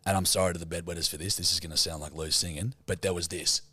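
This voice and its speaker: A man's voice: low voice, fast talker, a little hiss or hum. Sweary Australian man telling a story. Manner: swears a lot, animated storytelling. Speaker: podcast co-host. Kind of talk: casual chat.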